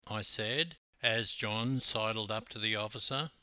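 A man's voice: on the low side, unhurried, few pauses, pushed and bright, no echo. An older man with an Australian accent, a swimming coach telling a story with wry humor. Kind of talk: storytelling narration.

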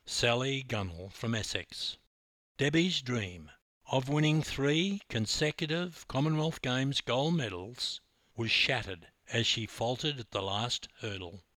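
A man's voice: mid-range voice, bright, forceful tone, no room sound. A man from Queensland with an Australian accent, narrating a personal story as a podcast host in an emphatic, dramatic way.

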